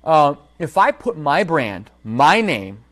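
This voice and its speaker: Animated man telling a shop story. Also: on the high side, takes it slowly. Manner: animated storytelling, addresses viewers directly. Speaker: holster maker and livestream host. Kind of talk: casual livestream monologue. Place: his workshop.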